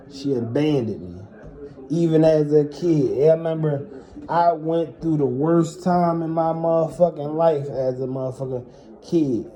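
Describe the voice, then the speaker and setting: A man's voice: on the high side, mellow. Man venting blunt, profane stories. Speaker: storyteller. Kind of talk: casual storytelling monologue.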